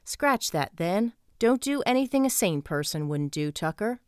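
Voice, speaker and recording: A woman puts on a big, friendly young bouncer with a Southern drawl, easygoing and bantering, his voice pitched well above her own low narration. It reads like an audiobook character. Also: big pitch swings, normal speed, clear, resonant tone, dry recording, studio quality, lightly acted. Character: friendly burly male bouncer in his twenties.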